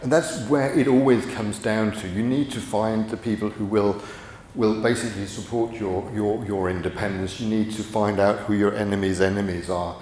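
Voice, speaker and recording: Deep-voiced man lecturing in an echoey hall. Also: fairly even intonation, normal speed, a little mellow, slight background noise. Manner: rambling, many restarts and fillers. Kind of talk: conference talk. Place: conference hall.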